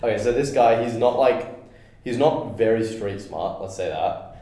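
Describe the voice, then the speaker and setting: A man's voice: on the low side, moderate pace. A young man, co-hosting a podcast, chatting casually with friends and acting out the voices in his stories. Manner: animated storyteller, acts out quoted voices. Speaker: podcast co-host. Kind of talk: casual chat among friends. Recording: very echoey room.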